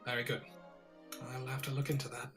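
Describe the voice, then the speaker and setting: A man's voice: mid-range voice, level tone, fairly quick, music in the background, close to an everyday voice. A man voicing a stern, commanding woman archmage who speaks in clipped, formal sentences. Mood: measured formal.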